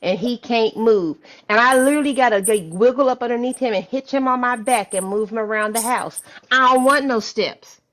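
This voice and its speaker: A woman's voice: a little high, fairly quick, hardly any pauses, a bit bright. An older woman and grandmother talking bluntly and with emphasis in a casual chat. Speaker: guest.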